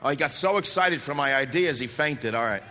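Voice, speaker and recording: A talk radio host giving an impassioned, sarcastic political speech to a live audience, shouting at times. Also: male voice, mid-range voice, animated, fairly quick, faint music behind. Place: large hall before a live audience. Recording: echoey hall with faint background noise.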